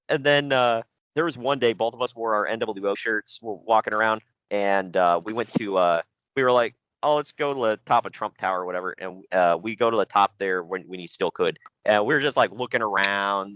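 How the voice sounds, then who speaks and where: A man's voice: fairly low pitch, a little fast, fairly bright tone, dull audio. A man in casual podcast chat, telling rambling stories between laughs. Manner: laughing storyteller, loose and rambling. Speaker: podcast co-host.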